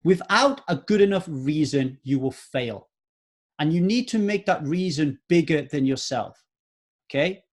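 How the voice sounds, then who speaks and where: A man's voice: on the high side, lively intonation, unhurried. Earnest man in his forties. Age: 40s. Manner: earnest, repeats points for emphasis. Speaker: podcast host. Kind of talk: solo motivational podcast monologue.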